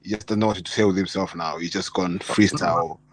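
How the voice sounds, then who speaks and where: A man's voice: low voice, fairly even intonation, brisk. A man of Caribbean background, teasing a friend in casual comedic banter and repeating lines for effect.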